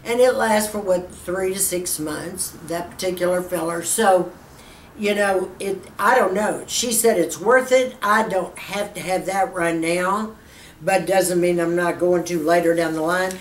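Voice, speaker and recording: A woman's voice: lowish voice, a little slow. A woman beauty vlogger answering viewer questions in a frank, chatty way. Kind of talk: casual Q&A chat to camera. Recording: roomy echo, a little far from the mic, faint background hiss.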